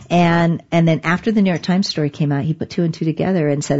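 A middle-aged woman being interviewed, telling a story in a lively, conversational way, with frequent restarts and laughs. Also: low-pitched, fairly quick, few pauses, dull audio. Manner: animated, laughs often, many restarts. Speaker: guest, digital rights lawyer.

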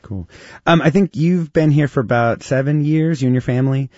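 A man hosting a live radio interview, chatty and quick to laugh. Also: medium pitch, no room sound, highs cut off. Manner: lively and chatty, laughs easily. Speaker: radio show host.

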